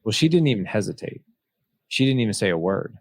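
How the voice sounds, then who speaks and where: A man's voice: fairly low pitch, expressive, fairly quick. A man in his forties telling a personal story in an earnest, reflective way, acting out remembered dialogue. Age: 40s. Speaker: podcast guest, author.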